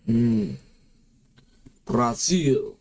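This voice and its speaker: A man's voice: medium pitch, expressive, drawn-out words, gravelly, darkish tone. A teenage boy chatting casually beside his father's game, cheeky and mocking, full of slang like mate and bro. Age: teens. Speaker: host's son, co-commentator. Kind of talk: casual chat.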